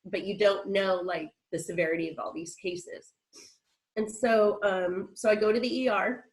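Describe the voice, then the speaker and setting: A woman with a medium-pitched, steady voice speaks at normal speed, recounting her experience openly and quoting conversations as a guest on a video call. She sounds nasal and short of breath from congestion, and the recording quality is low.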